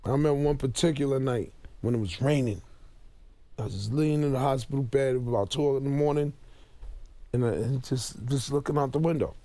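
A man as a radio talk show guest, talking earnestly and haltingly in an emotional interview. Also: medium pitch, dark tone, no room sound.

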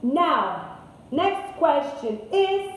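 A high-voiced woman leads a children's English class, drawing words out slowly and repeating them in a lilting, sing-song way. Her voice rings in a very echoey room, and a faint hiss sits underneath. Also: big pitch swings, distant mic. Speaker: English teacher.

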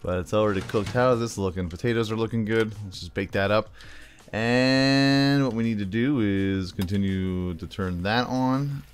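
A man's voice: fairly low pitch, moderate pace, a little hiss or hum. A man casually commentating his own cooking game as he plays, chatty and thinking aloud, calling the viewer "bro". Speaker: gaming channel host. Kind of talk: casual let's-play commentary.

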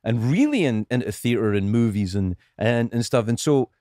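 A man's voice: medium pitch, normal speed, no room sound, clean studio sound. A middle-aged Scottish man telling stories in a casual podcast chat, profane and restarting his sentences often. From Scotland. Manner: animated storytelling, profane, frequent restarts. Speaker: guest comedian.

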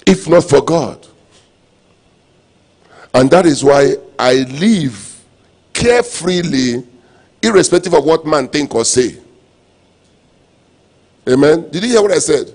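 Preaching pastor with emphatic loud bursts. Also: male voice, fairly high pitch, lively intonation, takes it slowly, pauses often, husky. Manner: preaching with call-and-response phrases and sudden loud emphatic bursts. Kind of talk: sermon.

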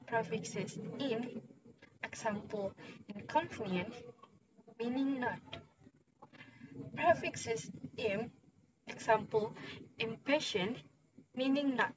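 Young female student presenter, slow halting read, dull recording with clear background noise. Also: on the high side. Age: young adult. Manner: slow, halting reading of a list. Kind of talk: reading a class presentation.

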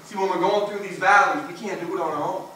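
A man preaching a sermon, emphatic, swinging between loud peaks and hushed low passages. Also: fast talker. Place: church sanctuary. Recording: echoey church from far off, noisy.

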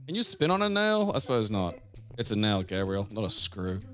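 A man's voice: fairly low pitch, sing-song, brisk, a bit bright, faint music behind. A man co-hosting a let's play, chatting casually in a teasing, sarcastic way and swearing freely. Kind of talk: casual gameplay banter.

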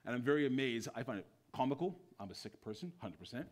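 A man preaching a sermon as pastor in a church, swinging between loud bursts and hushed lines. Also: mid-range voice, lively intonation, fast, few pauses.

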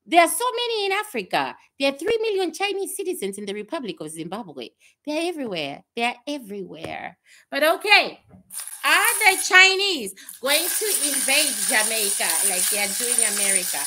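A woman's voice: sits high, moderate pace. A woman psychic giving blunt, swearing predictions, with laughing asides and questions she answers herself. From Canada. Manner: animated, asks and answers itself. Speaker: psychic reader.

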